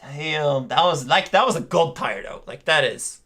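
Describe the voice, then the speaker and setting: A young man casually co-casting an amateur esports match, excitable, swearing, laughing and shouting at big plays. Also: fairly high pitch, unhurried. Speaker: co-caster.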